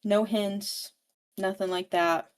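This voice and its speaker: A woman's voice: medium pitch, steady tone, slow pace, close to an everyday voice. A woman voicing hostile, grumpy monsters that live under a bridge, rude and bossy.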